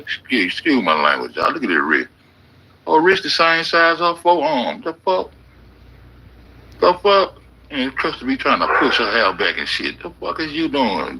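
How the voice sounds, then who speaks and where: A man's voice: medium pitch, bright, forceful tone, a little hiss or hum, low-quality recording. A middle-aged man giving rambling, joking, heavily profane reaction commentary on videos. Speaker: YouTube commentator.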